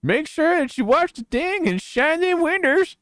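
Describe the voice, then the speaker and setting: Fields: a high, drawling backwoods old grandpa. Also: male voice, sing-song, a little slow, a bit bright, no echo, studio quality, full character voice. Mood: grumbly.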